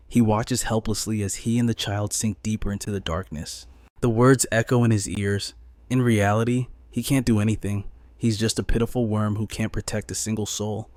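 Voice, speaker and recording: A man narrating a comic story recap in a measured, dramatic storytelling manner. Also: fairly low pitch, a little mellow, no room sound.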